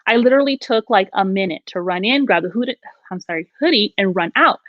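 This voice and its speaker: A woman relates her own ghostly encounter in an animated, conversational way, performing the quoted dialogue as she goes. She talks quickly in a medium pitch without echo, captured on dry, muffled lo-fi audio.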